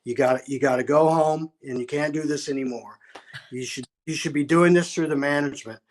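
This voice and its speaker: A man's voice: a little high, fairly quick. A man, a musician, telling a long story in an interview, acting out quotes and often restarting his sentences. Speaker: musician guest.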